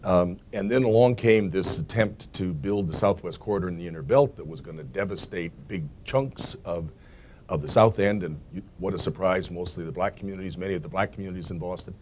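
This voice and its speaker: A man's voice: low voice, fairly quick, a little mellow, a little hiss or hum. A man on a forum panel recalling his early work, wry and self-correcting.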